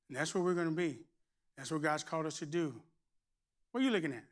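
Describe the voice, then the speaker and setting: A middle-aged man, preaching a lively, playful sermon with shouts and humor. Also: on the high side, fast, long pauses. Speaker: pastor.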